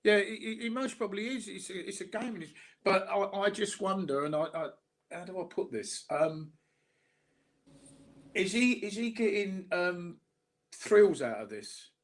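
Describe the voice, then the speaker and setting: Cockney man, South London, casual livestream chat, stammering restarts, swears freely, a bit high-pitched. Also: animated. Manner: halting, repeats words, blunt and sweary.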